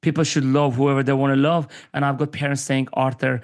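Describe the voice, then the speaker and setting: A man's voice: medium pitch, brisk. A man from Armenia in his forties, a podcast guest talking candidly and acting out the voices of people he quotes. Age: 40s. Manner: animated storyteller who acts out quoted voices. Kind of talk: candid conversational interview.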